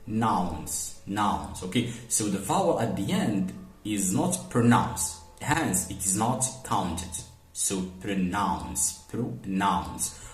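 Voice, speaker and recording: Low-voiced man teaching phonetics in an echoey room. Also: a little mellow, slight background noise. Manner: explanatory, repeats example words slowly, frequent "okay" and "for example". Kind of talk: recorded phonetics lesson.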